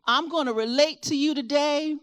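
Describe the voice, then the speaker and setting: Middle-aged woman from Virginia with a Southern twang, high-pitched, an animated expo speaker. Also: normal speed. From Virginia, USA. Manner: animated, asks the audience questions, rising and falling delivery. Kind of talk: motivational talk to a live audience. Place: expo hall with a live audience.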